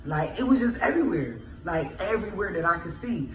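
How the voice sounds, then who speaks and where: A woman telling a storytime vlog in a casual, animated, exasperated way, swearing freely. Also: lowish voice, brisk, reverberant, background noise.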